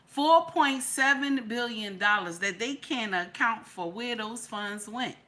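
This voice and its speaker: A woman with a high, bright, cutting voice delivers a loose, heated livestream rant. She fires off repeated rhetorical questions, swears freely and breaks off to greet viewers in the chat. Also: measured pace. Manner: animated, profane, rhetorical, repeats questions for emphasis; addresses chat viewers directly. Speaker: livestream commentator. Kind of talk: casual ranting livestream commentary.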